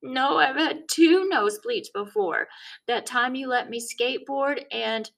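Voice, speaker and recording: A woman's voice: gravelly, a bit bright, distant mic, full character voice. Woman doing a whiny five-year-old boy. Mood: indignant. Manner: slow pleading high voice.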